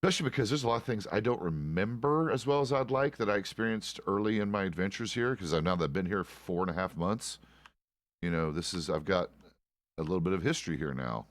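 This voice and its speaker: A man's voice: low voice, lively intonation, fast, no room sound, clean studio sound. A man streaming a western roleplay game, chatting casually in character as a deputy with loose, profane, rambling asides.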